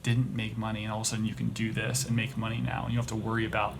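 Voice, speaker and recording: A man hosting a podcast who rants in a casual comedic way, rambling and halting with many restarts. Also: on the low side, monotone, vocal fry, background noise. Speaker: podcast host.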